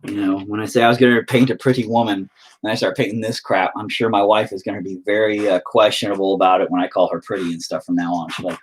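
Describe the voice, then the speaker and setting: On the low side and steady in tone, this man's fast voice comes with a little hiss or hum. He is a painter streaming live, reading chat and rambling casually with viewers in a profane, self-mocking manner.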